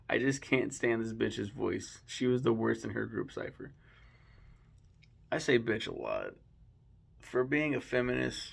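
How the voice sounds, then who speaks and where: A man's voice: medium pitch, vocal fry. A young man giving blunt, profane, mocking commentary on rappers in a casual chat. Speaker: channel host.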